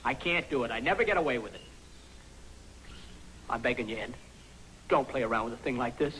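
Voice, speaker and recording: A man's voice: mid-range voice, lively intonation, fairly quick, a bit bright, a little hiss or hum, natural voice, rough recording. A man playing a nervous, whiny army clerk. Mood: anxious. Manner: anxious, whiny, stammering. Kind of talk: 1950s film comedy acting.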